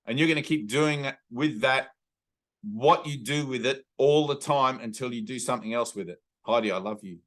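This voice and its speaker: An Australian man leading a spiritual satsang over a video call, talking earnestly and intimately and slowing right down to stress a point. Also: medium pitch, fairly bright tone. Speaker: spiritual teacher. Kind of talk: satsang teaching talk.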